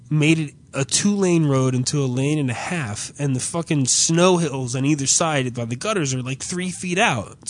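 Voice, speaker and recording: A man casually telling a comedic story, profane and exasperated, acting out the people in it. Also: on the high side. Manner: profane, exasperated, acts out quoted dialogue. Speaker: storyteller in podcast chat.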